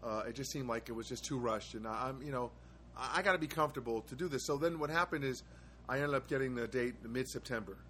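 A man in the middle of his register, rambling through stories in a relaxed casual monologue. He adds dry jokes and pauses often to find his words. A faint noise floor sits under the voice. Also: mid-range voice. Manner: rambling storyteller, wry asides, frequent hesitations. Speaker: host of his own live show. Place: studio apartment.

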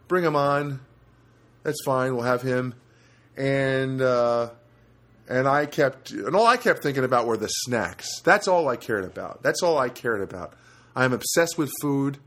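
Man, middle-aged, podcast host, from New Jersey, rambling, self-interrupting, casual monologue, mid-pitched voice. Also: animated, moderate pace, a bit bright. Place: studio apartment.

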